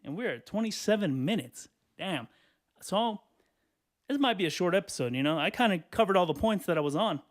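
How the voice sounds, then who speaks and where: A man with a slightly high voice hosts a solo podcast while standing in a hot bedroom. He rambles loosely, swearing and filling gaps with "you know". He sounds a little out of breath and keeps clearing his throat. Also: expressive, brisk. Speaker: podcast host. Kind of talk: solo casual rant.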